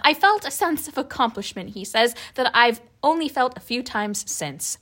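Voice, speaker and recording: Lively, bright-voiced woman podcast co-host. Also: on the high side, moderate pace. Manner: animated storytelling, laughing often. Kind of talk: casual chat, reading listener stories aloud.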